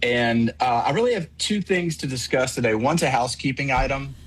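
A man calling in to a talk radio show, explaining his points in a measured way. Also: mid-range voice, breathy edge, poor audio. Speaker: caller. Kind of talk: casual call-in. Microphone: phone line.

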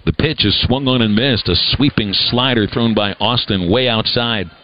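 A man giving live baseball play-by-play as announcer, brisk and conversational with dry humor. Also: lowish voice, muffled recording, slight background noise.

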